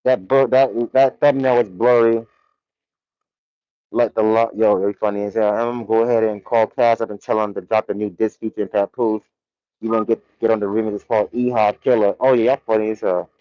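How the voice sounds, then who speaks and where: A man's voice: fairly low pitch, steady tone, a little fast, no room sound, highs cut off. Laid-back man chatting on a livestream. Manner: loose, laid-back slang-heavy commentary with frequent laughs. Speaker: livestream host. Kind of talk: casual livestream chat. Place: warehouse.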